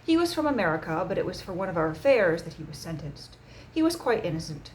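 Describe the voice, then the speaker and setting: A woman voicing a calm, measured man who leads a secret society, speaking gently and matter-of-fact in an audiobook reading. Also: fairly low pitch, a little hiss or hum, low-quality recording.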